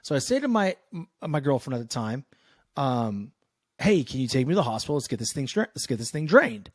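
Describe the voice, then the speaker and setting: A man in his thirties from Northern California tells a story on a podcast with casual swearing and lively voices for the people in it. His voice sits at a middle pitch and is recorded dry and close, with no room sound. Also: fairly quick, no room sound. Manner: animated, loose and profane, acting out quoted exchanges. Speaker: podcast guest, sales coach.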